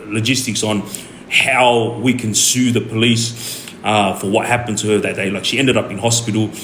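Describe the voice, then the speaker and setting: A young Australian man telling a story on his stream in a rambling, animated way, full of fillers and restarts. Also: medium pitch. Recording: echoey room with faint ambient noise.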